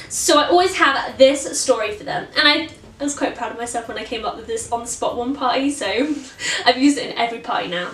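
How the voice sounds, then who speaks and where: Chatty young woman, high voice. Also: expressive, moderate pace, a bit bright. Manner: chatty, repeats words for emphasis. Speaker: children's party princess performer. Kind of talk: casual tutorial vlog. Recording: roomy echo, mic at a distance.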